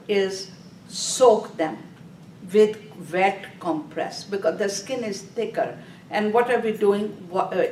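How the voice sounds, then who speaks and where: A woman teaching a nursing exam class, speaking slowly and repeating key terms for students to underline. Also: mid-range voice, slight background noise. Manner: slow, repetitive, directive teaching. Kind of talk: classroom lecture. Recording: echoey room from a distance.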